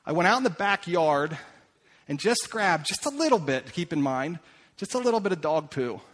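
A man voicing a calm, wise mother in a sermon story, speaking low and quietly. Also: normal speed.

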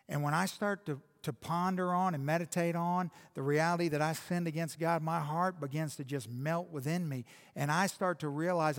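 A man's voice: fairly high pitch, normal speed, hardly any pauses, big-room sound. A man preaching a sermon as pastor, speaking directly and with passion to the congregation.

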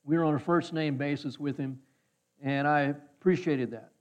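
A man's voice: on the high side, steady tone, moderate pace, darkish tone. A man preaching a sermon, telling a personal story in a folksy way and acting out the voices of people he quotes. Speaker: pastor. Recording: slightly dull, muffled sound.

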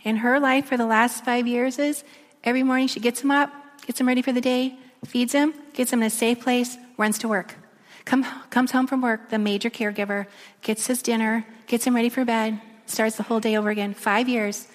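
A woman giving a sermon, telling a story and dropping to a soft near-whisper at emotional moments. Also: fairly high pitch, steady tone, brisk. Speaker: speaker. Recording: echoey long reverb of a large room.

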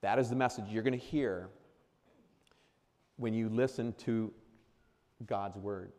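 Speaking in a large hall, a pastor delivers an earnest sermon to new ministers, driving his points home through repetition and restarting often. His voice is fairly low and a little mellow.

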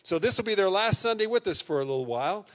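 A man's voice: high voice, animated, quick pace. A man welcoming a church congregation and introducing a guest speaker in a friendly, conversational way. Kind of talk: Sunday service welcome and introduction. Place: church sanctuary.

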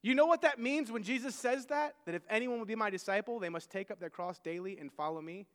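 A man with a very high voice delivers a sermon, pressing his points with emphasis. He often restarts and repeats words mid-thought. His voice carries a long reverb from a large hall. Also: quick pace, a bit bright, clear, resonant tone. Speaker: preacher.

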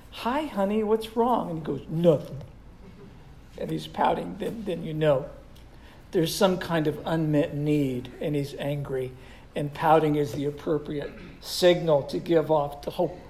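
A woman leads a Bible class with a gravelly, low voice. She teases her listeners and calls on them by name with questions. Her delivery is relaxed and conversational rather than preachy. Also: a little hiss or hum, low-quality recording. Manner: joking, quizzes listeners by name. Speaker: Bible study teacher. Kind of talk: interactive Bible teaching.

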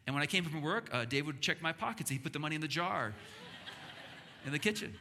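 A man's voice: a little high, animated, fast talker, bright, forceful tone. A middle-aged male pastor telling a family story in a sermon, earnest and repeating words as he builds up. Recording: long hall reverb with faint music.

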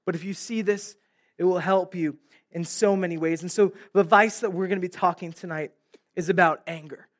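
A man's voice: sits high, steady tone, brisk. A young adult man preaching a sermon to a room, telling a story and acting out the dialogue. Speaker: pastor. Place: room with live audience.

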